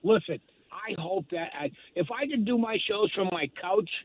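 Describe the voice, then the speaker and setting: Older man, high voice, phone-line sound, dry self-deprecating comic, rambling fillers. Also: lively intonation, moderate pace, breathy edge. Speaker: stand-up comedian guest. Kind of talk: phone-in radio interview.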